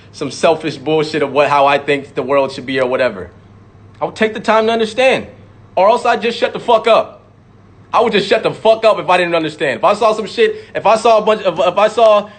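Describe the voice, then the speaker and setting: A high-pitched, fairly bright male voice carries a rapper's angry, swearing-laden monologue. He repeats himself for emphasis and mocks hypothetical critics by abruptly slipping into other voices.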